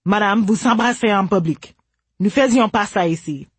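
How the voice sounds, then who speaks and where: Woman doing a stern soldier guy in an audiobook, curt and bossy, husky dry voice. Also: medium pitch, normal speed, no echo, pitched above the performer's own voice, close to an everyday voice. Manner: curt, commanding. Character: stern male soldier making an arrest.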